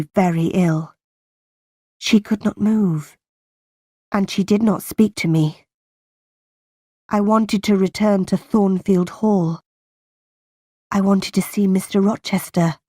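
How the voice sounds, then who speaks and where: Slow, careful woman narrator, dry close mic. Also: medium pitch, darkish tone, dry recording. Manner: slow, careful, clearly spaced reading for learners. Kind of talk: slow graded-reader storytelling.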